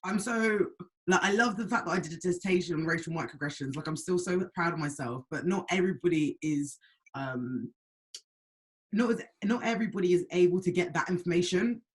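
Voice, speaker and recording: A woman's voice: fairly low pitch, fairly quick. Bubbly woman hosting a podcast. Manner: excitable and bubbly, giggly, stumbles over words. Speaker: podcast host. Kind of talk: casual chat.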